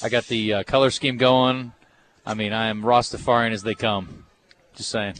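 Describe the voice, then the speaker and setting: A man's voice: on the low side, level tone, normal speed, a bit bright. A man hosting a radio show, joking and easygoing as he steers the segment. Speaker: radio host. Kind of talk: casual radio banter.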